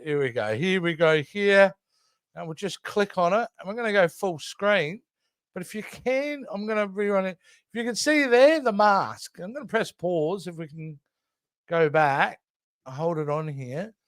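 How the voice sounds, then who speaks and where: Aussie guy in his 50s, high voice that jumps around a lot, rambly, restarts sentences, dry close sound. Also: moderate pace, no echo. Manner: animated, rambling, trailing off and restarting. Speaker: co-host. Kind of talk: casual chat.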